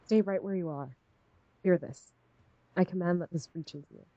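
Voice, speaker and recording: A woman reading the lines of a commanding young male noble from a fanfic, in a calm, commanding tone. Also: on the low side, normal speed, dull audio, pitched below the performer's own voice, lightly acted.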